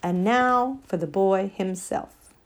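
A great, wise lion king, solemn and measured, as a woman narrator voices him. He speaks formally and gravely, like a storybook sovereign giving charges, at a middling pitch. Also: natural voice. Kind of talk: audiobook character voice.

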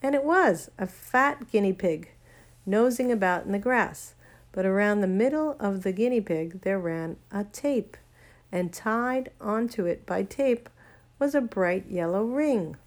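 A woman narrating a children's storybook aloud in a gentle, measured way. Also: mid-range voice, animated. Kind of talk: storybook reading.

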